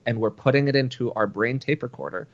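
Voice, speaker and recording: A man's voice: medium pitch, quick pace, dry recording, muffled recording. A man co-hosting a casual talk show, explaining his views thoughtfully with frequent restarts. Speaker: co-host. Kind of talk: casual podcast chat.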